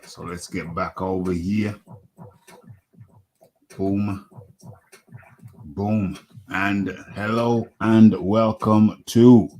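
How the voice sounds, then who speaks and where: A man's voice: sits low, darkish tone. A man hosting a casual boxing podcast, ranting animatedly and repeating his phrases. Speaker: host.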